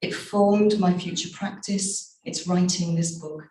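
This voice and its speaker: A middle-aged woman, an author, reading aloud from her memoir and telling its stories in a measured way with slow, emphatic pauses. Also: lowish voice, fairly even intonation, dark tone, a little hiss or hum. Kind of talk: live reading and storytelling. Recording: echoey, distant room mic.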